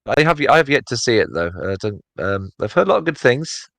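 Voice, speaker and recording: A man's voice: medium pitch, sing-song, fast talker, vocal fry, fairly bright tone, no room sound. A man co-hosting a casual podcast chat, rambling with many fillers and restarts. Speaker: podcast co-host.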